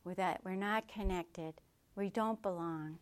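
Woman teaching meditation, gentle and reflective, mid-pitched voice, dharma talk vibe. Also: measured pace. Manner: gentle, reflective, with soft asides.

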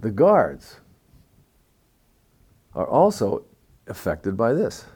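A man telling a story in a talk, moving between hushed, somber passages and lively, excited stretches. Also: lowish voice, extremely slow, slightly rough.

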